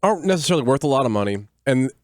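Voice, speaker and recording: A man co-hosting a talk radio show, quick and matter-of-fact in casual banter. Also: mid-range voice, very animated, no room sound, studio quality. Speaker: radio co-host.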